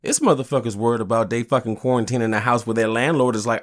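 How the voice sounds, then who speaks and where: A man's voice: mid-range voice, lively intonation, a little fast. A man hosting a podcast, ranting angrily and swearing a lot, often asking "you know what I'm saying?". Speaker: podcast host. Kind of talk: casual ranting monologue.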